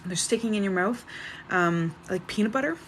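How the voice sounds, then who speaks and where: Woman livestream psychic, mid-range voice, brisk chatty delivery. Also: mid-range voice, slight background noise. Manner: brisk, chatty, reads names and questions off. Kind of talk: live-stream Q&A reading.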